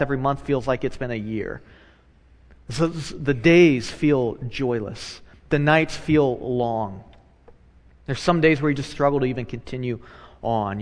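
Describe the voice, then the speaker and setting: A man, a pastor, preaching a sermon in a conversational way, moving between hushed and loud animated passages and repeating phrases for emphasis. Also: mid-range voice, in a large hall.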